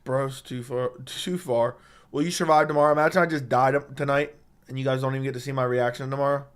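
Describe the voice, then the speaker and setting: A man's voice: mid-range voice, fairly even intonation, fast, clean tone. Guy streaming w a sore scratchy throat, swears a lot, reads chat and roasts ppl, close studio mic. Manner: blunt and profane, trash-talking with chat. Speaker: live streamer. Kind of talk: casual live-stream chat reading viewer comments. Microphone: studio dynamic microphone.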